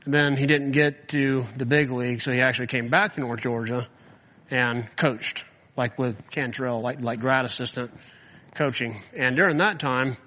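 A man's voice: mid-range voice, normal speed, bright, forceful tone. Man teaching in a reverberant hall. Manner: casual, lots of "like" fillers. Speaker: Bible teacher. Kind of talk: conversational Bible teaching with stories. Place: hall or classroom with an audience. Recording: dull audio, long room reverb.

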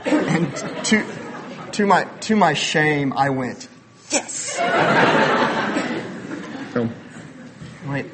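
A man's voice: a little high, expressive, slow, a loud crowd, heavy background noise. A man in his thirties giving a sermon as a pastor, conversational, mixing personal stories with building emphasis.

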